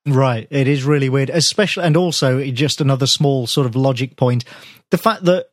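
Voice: mid-range voice, moderate pace, dry recording, studio quality. A co-host in a casual movie chat who laughs often and nitpicks the science. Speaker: podcast co-host.

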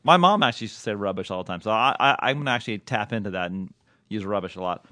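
A man's voice: lowish voice, expressive, rapid-fire, pushed and bright. A man co-hosting a podcast, easygoing and riffing with his cohost in casual chat. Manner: easygoing, laughs and riffs with cohost. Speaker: podcast co-host.

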